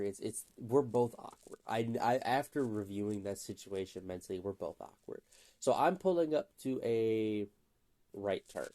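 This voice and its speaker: A man's voice: on the low side, mellow. A man telling rambling, profane anecdotes in a casual, chatty way, often laughing at his own stories. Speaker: gaming channel storyteller.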